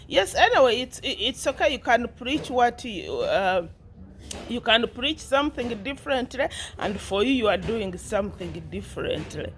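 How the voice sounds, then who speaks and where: A woman's voice: fairly high pitch, sing-song, moderate pace, slight background noise. A woman vlogging casually, rambling and repeating herself, with a teasing, mocking tone. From Uganda. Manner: rambling and repetitive, with many restarts. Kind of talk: casual commentary to camera.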